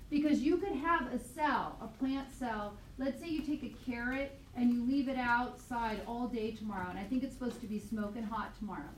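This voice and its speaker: A woman biology teacher lecturing a class, quizzing students with quick questions, recorded on a tablet mic across the classroom. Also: on the high side. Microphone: tablet mic from across the room. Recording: echoey classroom, distant mic, faint noise.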